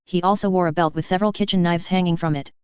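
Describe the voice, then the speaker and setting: Reading a first-person fan story out loud, a woman narrator keeps a steady, plain delivery while speaking fast. Her voice is lowish, very clear and smooth. The dry recording has a somewhat dull, lo-fi sound.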